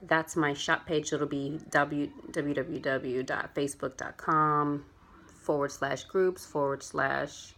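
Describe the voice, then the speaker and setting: A woman's voice: deep voice, fairly even intonation, takes it slowly, fairly bright tone. A chatty, earnest young adult woman talking casually in a heartfelt vlog, rambling a little as she explains why she sells clothing. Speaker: vlogger and clothing seller.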